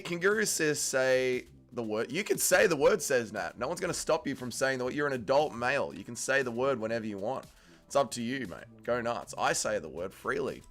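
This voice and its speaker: A man's voice: mid-range voice, a bit bright. A young man hosting a fight watch-along livestream, reading chat aloud and chatting casually with blunt, profane banter.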